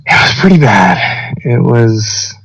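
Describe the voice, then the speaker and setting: Slow and slightly rough in a mid-range voice, this young podcast co-host swears his way through an animated story, performing the quoted dialogue. The recording sounds a bit muffled.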